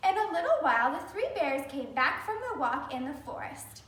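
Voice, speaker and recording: Woman storyteller for kids, very high and lively voice, somewhat distant from the mic. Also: fairly quick, noisy background. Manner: animated, speaking to children. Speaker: children's storyteller. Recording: roomy, from a distance.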